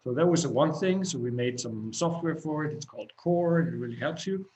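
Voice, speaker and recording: Middle-aged guy, founder, rambling interview chat, lots of ums and restarts, slightly high voice. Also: lively intonation, brisk, darkish tone, a little hiss or hum, rough recording. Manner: chatty, rambling, frequent fillers and restarts. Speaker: company co-founder and CEO. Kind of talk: casual spoken interview.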